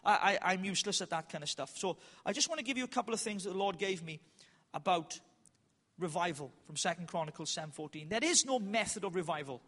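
High, bright-voiced preacher in a hall. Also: male voice. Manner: animated, self-mocking, loud bursts and slow emphatic lines. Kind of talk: conference sermon with storytelling. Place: large hall with an audience. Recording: reverberant hall.

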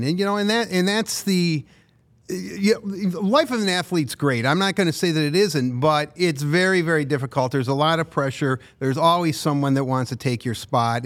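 A man's voice: fairly high pitch, a bit bright. Rambling male podcast co-host. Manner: rambling, meandering storyteller. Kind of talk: casual chat.

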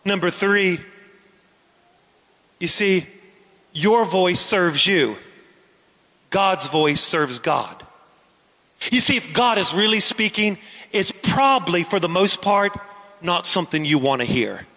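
A man's voice: high-pitched, animated, slow pace, long pauses, sharp tone, in a large hall. A man preaching a sermon as pastor, asking the congregation questions and waiting on their answers. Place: church.

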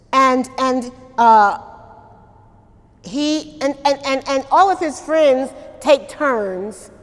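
Slow-preaching woman pastor, echoing hall. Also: high-pitched. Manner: conversational preaching with many repeated words and questions to the congregation. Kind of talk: sermon. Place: church during a service.

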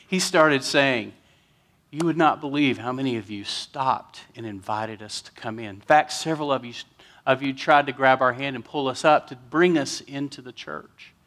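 Pastor telling a story in a sermon. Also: male voice, mid-range voice, moderate pace, fairly bright tone. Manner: storytelling, emotional, chokes up.

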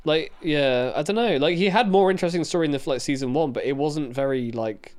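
A man's voice: on the high side, brisk, a little mellow. A young English man co-hosting a podcast, rambling and restarting as he talks about a show. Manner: rambling, lots of fillers and restarts. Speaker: podcast co-host. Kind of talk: casual chat while watching a show.

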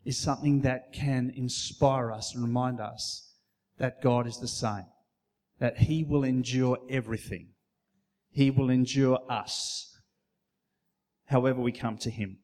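A man preaching a sermon in a church, earnest and measured, with occasional fillers. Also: medium pitch, a little mellow. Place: church hall.

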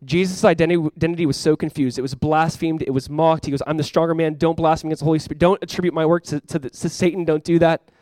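A man's voice: fairly high pitch, fairly even intonation, quick pace, hardly any pauses, a little mellow, no echo, studio quality. A young man preaching a sermon to his church as pastor, earnest and conversational, with many fillers.

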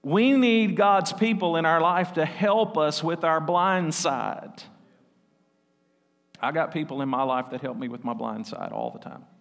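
A man preaches from the pulpit of a church, his voice sitting a little high. He keeps the sermon lively, laughing often and slipping into other voices. A long hall reverb trails each phrase. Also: a little slow, vocal fry. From South Arkansas. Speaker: pastor. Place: church sanctuary.

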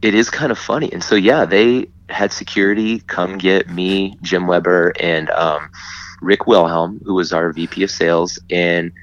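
A man telling a story in casual chat, animated and often laughing as he acts out what others said. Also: low voice, moderate pace. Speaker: guest. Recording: dull lo-fi sound.

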